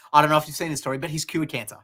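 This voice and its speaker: A man's voice: fairly high pitch, pushed and bright. A man with an Australian accent co-hosting a casual comedic news chat, laid-back and sarcastic, often trailing off. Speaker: co-host.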